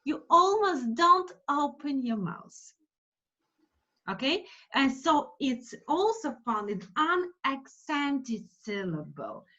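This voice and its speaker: Through dull, lo-fi video call audio, a lively woman teaches English phonics in an online class. Her high-pitched voice goes slow and careful, repeating each word so students can drill it.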